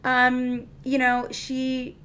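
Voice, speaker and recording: A woman's voice: high voice, monotone, drawn-out words, a bit bright, smooth. A woman reviewing a TV episode in a casual, chatty recap, full of fillers and restarts.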